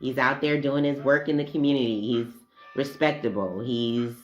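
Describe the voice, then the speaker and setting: A woman with a low voice talks straight to camera in a blunt, profane, casual monologue. She drifts off on tangents and then pulls herself back. Faint music plays behind her. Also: steady tone, moderate pace, dull audio. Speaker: vlogger.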